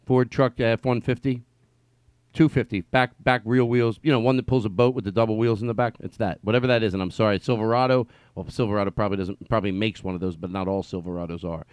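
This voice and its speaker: A middle-aged man hosting a comedic podcast in a studio, rambling and excitable, swinging between yelling and quiet mumbling. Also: fairly low pitch, quick pace, smooth, no room sound. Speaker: podcast host. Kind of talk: loose comedic podcast talk. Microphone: studio mic.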